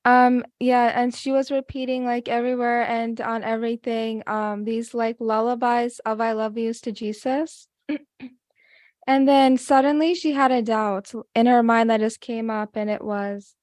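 A woman's voice: fairly high pitch, steady tone, measured pace, a little mellow, no echo, studio quality. A woman, addressed as a religious sister, earnestly sharing a devotional reflection with many fillers and reading passages aloud. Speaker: guest speaker.

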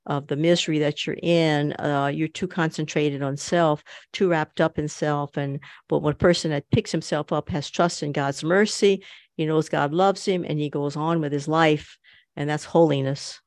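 A man's voice: on the high side, steady tone, moderate pace, no room sound, studio quality. A man speaking earnestly and with measure about faith and mercy. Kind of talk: spiritual talk.

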